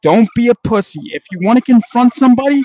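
A man with a strikingly high voice, angry and profane, lecturing someone in a heated on-air argument. The sound is dry and close, with no room around it. He keeps telling the other man to grow up. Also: expressive, fast talker, mellow, no room sound, poor audio. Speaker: network owner.

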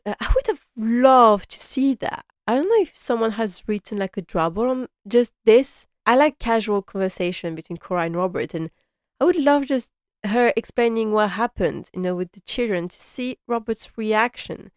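A woman casually recapping a TV drama episode, chatty and animated, with lots of fillers and acted-out lines. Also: medium pitch, moderate pace, no echo, clean studio sound. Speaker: fan reviewing a TV drama episode.

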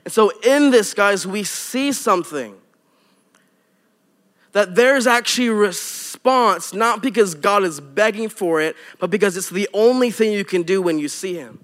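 Young guy pastor, kinda high voice, chatty lively sermon with little jokes. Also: a little slow. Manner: animated, conversational preaching with asides.

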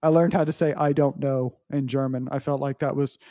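A man's voice: mid-range voice, steady tone, brisk, mellow, no room sound, studio quality. A man co-hosting a podcast with a nasal voice, joking and teasing his co-host in casual banter. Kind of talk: casual chat.

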